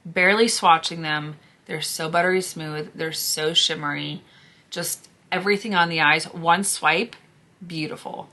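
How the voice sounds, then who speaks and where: Chatty hoarse woman, low bright voice. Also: steady tone, a little slow. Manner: chatty, gushing, drops to a hushed near-whisper over swatches. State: hoarse, losing her voice. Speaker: beauty vlogger. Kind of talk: casual makeup declutter chat.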